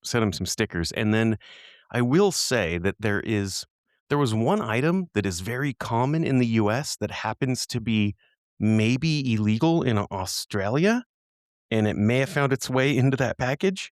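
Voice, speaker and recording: A man co-hosts a podcast, chatting casually in a loose, rambling way and laughing readily. His voice sits at medium pitch and is expressive, at a normal speed, with clean studio sound and no echo.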